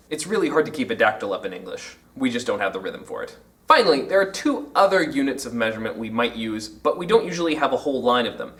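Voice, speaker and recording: A man teaching a literature lesson, explaining clearly and tapping out rhythms with chanted syllables. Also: fairly high pitch, a bit bright, recorded from a distance.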